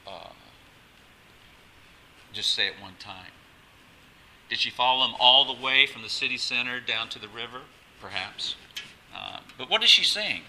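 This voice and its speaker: A man's voice: medium pitch, bright, forceful tone, slight background noise, low-quality recording. A male pastor preaching a sermon, emphatic and exhorting, often restarting his phrases.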